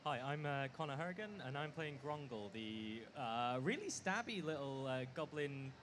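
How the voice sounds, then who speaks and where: A man's voice: mid-range voice, animated, moderate pace, a bit bright. A man on a live convention panel, speaking hesitantly with many uhs. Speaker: panelist and player. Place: on stage at a comic convention panel. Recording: noisy live panel recording.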